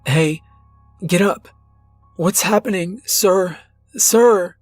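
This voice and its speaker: A terrified young woman trapped in her car, pleading in a raised, breathless voice, as a male narrator puts her on. She sits well above his usual pitch, with a husky edge to the tone, in a horror storybook reading. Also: fairly even intonation, slow pace, no echo, soft background music, heavily acted. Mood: panicked.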